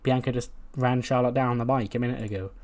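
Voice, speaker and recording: A man narrating his wrestling management game run in a loose, chatty way. His pitch sits in an ordinary middle range. He keeps correcting himself and chuckles at his own jokes. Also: fairly even intonation, fast talker, a little mellow. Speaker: game commentator. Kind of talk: casual narration of a wrestling sim playthrough.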